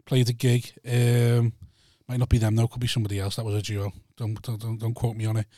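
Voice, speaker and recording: A man hosting a podcast, chatting casually in a blunt, sweary, deadpan way. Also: mid-range voice, a little fast, no room sound, studio quality. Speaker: podcast host. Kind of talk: casual chat.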